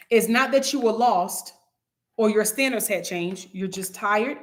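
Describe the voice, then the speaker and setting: A woman's voice: medium pitch, expressive, takes it slowly. Woman teaching a casual Bible study. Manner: conversational, preachy, acts out little quoted scenes.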